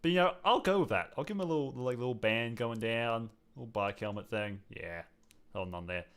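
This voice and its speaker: An Australian man runs a relaxed live chat, breaking into laughter often. He reads viewers' comments aloud and keeps the talk rambling and friendly. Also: medium pitch, brisk, clean tone. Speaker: show host. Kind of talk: casual livestream chat.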